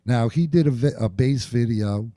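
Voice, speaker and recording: A man from New Jersey, a bassist and interview guest, telling stories in an animated way and acting out what people said. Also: moderate pace, dry recording, clean studio sound. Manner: animated storyteller acting out quotes. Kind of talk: storytelling interview.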